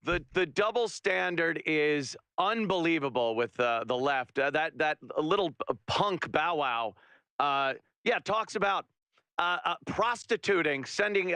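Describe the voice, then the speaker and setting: A man with a bright, forceful voice that sits a little high, speaking as a guest on a political radio talk show. He talks emphatically and fills his sentences with hesitations. The sound is close and dry. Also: dry recording. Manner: emphatic, many fillers.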